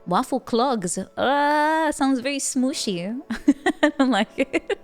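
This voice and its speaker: A woman's voice: high voice, lively intonation, slow pace, soft background music. A woman with a Dutch accent, a streamer chatting casually with viewers, giggling often and stammering through playful restarts.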